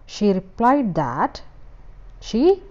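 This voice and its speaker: A woman's voice: mid-range voice, wildly swooping pitch, extremely slow. A woman teacher who reads a story aloud to her class, explains the words and puts questions to the children. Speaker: school teacher. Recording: dull lo-fi recording.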